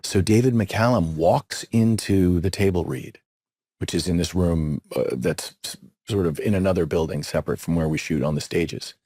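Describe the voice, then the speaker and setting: A man's voice: deep voice, moderate pace, mellow, no room sound, clean studio sound. A middle-aged man co-hosting a podcast, chatting casually and telling rambling, jokey stories with repeated words. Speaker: podcast co-host.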